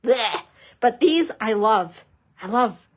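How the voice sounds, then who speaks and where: A middle-aged woman with a slightly high voice runs a live papercraft demo from her craft table. She chats in a bubbly way, pokes fun at herself and greets viewers as she works. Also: a little slow. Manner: chatty, bubbly, self-teasing, talks to viewers. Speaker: papercrafting instructor. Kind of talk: live-streamed craft demonstration.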